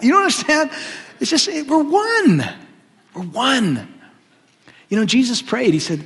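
A man preaching a sermon, an animated and joking storyteller. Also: sits high, brisk, breathy edge. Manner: animated, joking storyteller who often laughs. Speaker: pastor. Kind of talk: sermon with humorous stories. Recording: long hall reverb.

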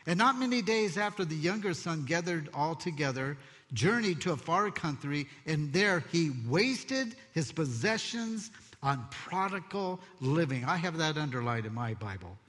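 A man preaching a sermon as pastor, expressive and conversational, telling stories with asides. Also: on the high side, moderate pace. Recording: long hall reverb.

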